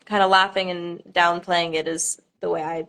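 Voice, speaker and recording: A woman's voice: on the low side, flat delivery, normal speed, a bit bright. A young woman, a pageant contestant, chatting on a live stream with nervous laughter and many fillers.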